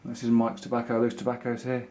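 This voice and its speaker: A man's voice: medium pitch, completely flat delivery, fast, mellow. A man vlogging, chatting enthusiastically to camera in a pipe maker's showroom. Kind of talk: casual showroom chat to camera.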